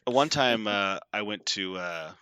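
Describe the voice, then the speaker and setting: Animated young man telling a story. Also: on the low side, a little slow, a loud crowd. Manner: animated, acts out quotes, laughs often. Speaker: podcast host. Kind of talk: casual storytelling chat.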